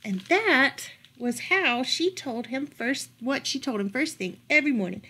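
A woman librarian reading a picture book aloud as a bedtime story, gentle and expressive. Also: high-pitched, a little slow, few pauses, slightly rough. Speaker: children's librarian.

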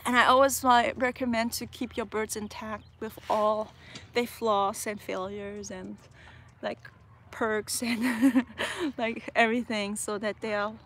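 A woman's voice: on the high side, steady tone, unhurried, a bit bright, slight background noise. A woman who trains parrots vlogs to camera outdoors in a park and records on her phone. She talks in a chatty, passionate way, full of "like" fillers. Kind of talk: casual vlog talk to camera. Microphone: phone she is filming with.

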